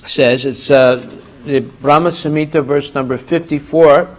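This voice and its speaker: A man's voice: medium pitch, steady tone, moderate pace, low-quality recording. A middle-aged man giving a religious class, telling humorous anecdotes and acting out dialogue before rising to emphatic points. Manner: storytelling, acts out dialogue, rising to emphatic outbursts.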